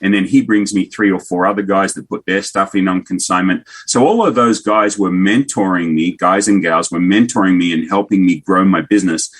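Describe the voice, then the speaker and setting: Aussie guy in his 50s, kinda husky low voice, cracking dad jokes in an interview. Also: brisk, few pauses. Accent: Australian. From Australia. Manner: jokey, animated storyteller. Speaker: guest, business owner. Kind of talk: casual interview chat. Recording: remote call.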